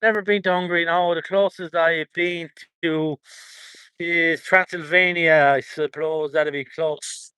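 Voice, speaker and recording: A man's voice: on the high side, steady tone, unhurried, bright, forceful tone, smooth, dry recording. An Irish man chatting casually on a livestream from an outdoor protest, reading out viewer comments, rambling and chuckling often.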